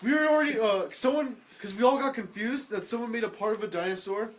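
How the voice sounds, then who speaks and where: High-voiced teen guy rambling crudely. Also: fast talker. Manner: crude, rambling, laughing recollection. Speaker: podcast co-host. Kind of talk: casual chat.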